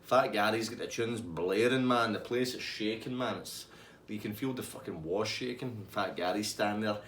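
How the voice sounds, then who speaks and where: A man with a Scottish accent telling a sweary, animated pub story and acting out everyone in it. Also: fairly low pitch, normal speed, slight background noise. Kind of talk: casual anecdote.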